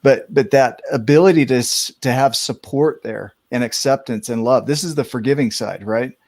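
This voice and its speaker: A man's voice: medium pitch, normal speed, a little mellow. A man hosting a podcast, reflecting thoughtfully in a conversational way, often restarting his sentences. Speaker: host.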